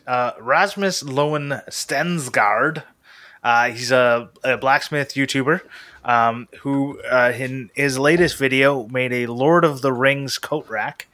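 A man co-hosting a podcast in casual chat, relaxed and rambling with lots of fillers. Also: medium pitch, takes it slowly, no room sound. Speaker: podcast co-host.

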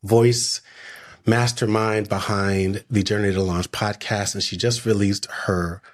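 A man with a deep, low voice co-hosts a casual podcast. He asks long, winding questions, full of ums and restarts, in a playful tone. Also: fairly even intonation, a little slow. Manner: playful, rambling questions with many fillers. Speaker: podcast co-host.

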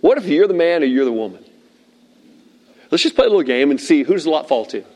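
Middle-aged male pastor, slightly high voice, lively storyteller sermon to a seated crowd. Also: quick pace. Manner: animated storyteller, acts out shouted quotes. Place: room with tables of listeners.

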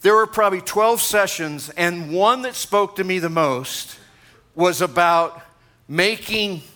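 A man's voice: high-pitched, slow, bright, forceful tone. A man in his sixties, a pastor, preaching a sermon to a congregation in a conversational way, with asides to the room. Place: church gathering.

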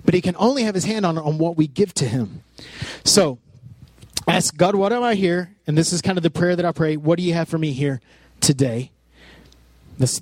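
Animated man preaching, dry close sound. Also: fairly high pitch, dry recording. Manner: personal, animated preaching with frequent restarts. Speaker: pastor. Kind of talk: sermon.

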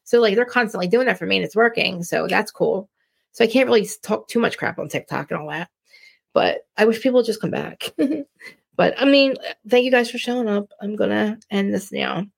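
Jersey-accented woman host, blunt, rambling live chat, mid pitch with vocal fry. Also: brisk. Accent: New Jersey. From New Jersey. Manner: rambling, blunt, many restarts. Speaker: live-stream podcast host. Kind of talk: casual live-stream chat.

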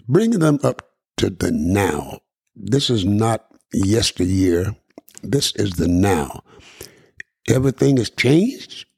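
Older male podcast host, low husky voice, emphatic and preacherly, dry close studio sound. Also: darkish tone, no room sound. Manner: preacherly, emphatic, with slow deliberate stresses. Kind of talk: earnest direct address to listeners.

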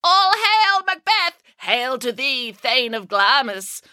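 A woman voicing three sisters dressed up as witches, chanting slowly in a sing-song way. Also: sits high, very animated, pushed and bright, clear, resonant tone, no echo, clean studio sound, voice pushed up, full character voice.

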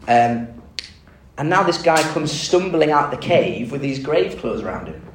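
A man preaching a conversational sermon, telling the story with lively asides and rhetorical questions. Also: medium pitch, unhurried, slight background noise. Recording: echoey room, mic at a distance.

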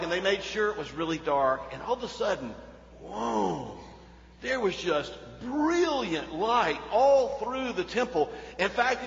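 A male pastor preaching a sermon, swinging between loud emphatic peaks and hushed low passages. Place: church sanctuary. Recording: echoey hall, dull sound.

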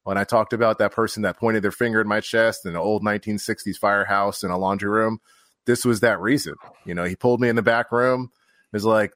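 Low-voiced fire officer telling a story. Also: male voice, steady tone, brisk, a bit bright, dry recording, studio quality. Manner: candid, swears casually, acts out quotes. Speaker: podcast guest, fire officer. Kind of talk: storytelling in casual conversation.

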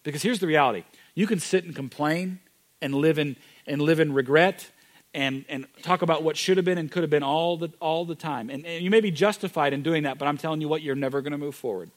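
Male pastor, slightly higher voice, sermon delivery, emphatic then hushed. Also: fast talker. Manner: dynamic preaching, swings from loud emphatic to hushed.

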